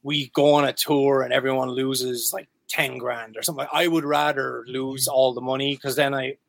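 A man's voice: mid-range voice, flat delivery, moderate pace, gravelly, no echo. A man from Ireland, a guest musician in a casual interview, talking loosely with lots of swearing and filler words. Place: his home music room.

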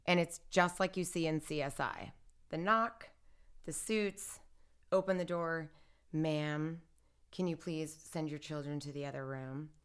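A woman's voice: low-pitched, a little slow, clear, resonant tone. A woman telling a personal story in casual conversation, acting out what others said and using lots of "like". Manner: animated retelling, acts out what others said; filler-heavy, lots of "like" and "I'm like". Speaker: interview guest.

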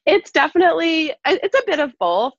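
A woman in casual conversation, telling an animated story full of fillers and laughs. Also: sits high, fairly quick, creaky, no echo, muffled recording. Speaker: podcast co-host, former barista. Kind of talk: casual chat.

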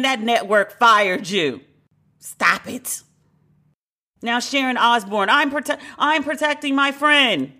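Bright-voiced blunt woman podcast host. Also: a little high. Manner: blunt, profane and animated. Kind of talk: candid opinion commentary.

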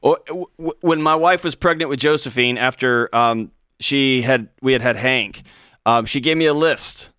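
Male co-host, mid-pitched, lively casual storyteller, dry studio sound. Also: normal speed, clean tone, dry recording. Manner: animated storyteller, casual, acts out quotes. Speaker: co-host, counselor. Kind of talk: call-in advice talk.

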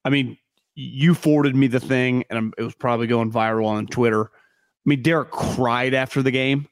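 A man co-hosting a casual sports podcast, talking in an animated, rambling way with casual swearing. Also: medium pitch, moderate pace, no room sound, clean studio sound. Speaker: podcast co-host.

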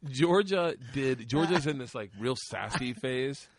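A man's voice: mid-range voice, expressive, a little slow, dry recording, clean studio sound. A middle-aged man telling a story on a podcast in casual, profane talk, laughing often and acting out what people said. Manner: profane, laughing storyteller who acts out quotes. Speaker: podcast host.

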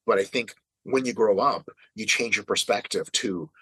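A man's voice: on the low side, normal speed, sharp tone, husky, no echo, poor audio. A man hosting a podcast, talking casually and animatedly, swearing and mimicking other people's voices. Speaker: podcast host.

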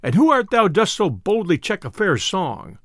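A man voicing a boastful, quick-tempered tinker who blusters in old-fashioned speech, read in a storybook telling. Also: high voice, huge pitch swings, no room sound, clean studio sound, full character voice. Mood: blustering. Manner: blustering, loud archaic speech.

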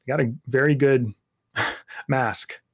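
A man's voice: fairly even intonation, slow. Earnest man telling a raw personal story. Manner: intense, voice drops low and soft in tender moments; builds to raised, emphatic outbursts. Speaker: guest sharing his story.

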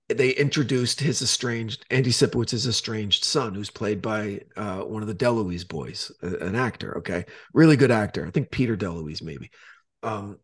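A man co-hosting a podcast, retelling a TV scene in loose, animated chat and swearing casually. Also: lowish voice, slightly rough. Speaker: podcast co-host.

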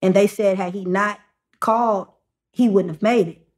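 A woman's voice: mid-range voice, steady tone, a little mellow. A young adult woman, a podcast guest, talking in a casual storytelling way, full of fillers and restarts. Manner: halting, many fillers and restarts.

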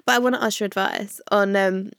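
A woman's voice: medium pitch, fairly even intonation, fairly quick, a bit bright, clear, resonant tone, no echo. Woman podcast guest, mid-range voice, chatty with many fillers, dry close recording. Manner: chatty, asks advice, heavy on "like" fillers. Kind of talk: casual chat.

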